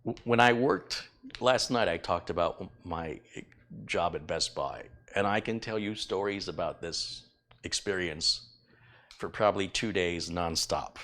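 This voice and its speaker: A man's voice: low voice, unhurried, a bit bright. A middle-aged man chatting casually on a live tech stream, rambling and self-deprecating as he thanks viewers. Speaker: tech YouTuber reading donations.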